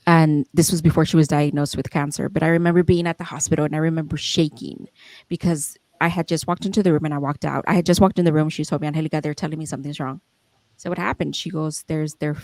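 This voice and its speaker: Low-voiced woman reflecting candidly. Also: a little mellow, no echo. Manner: emotional, rambling, with frequent restarts and fillers; candid, swears freely. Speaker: podcast founder and host. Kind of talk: reflective casual talk.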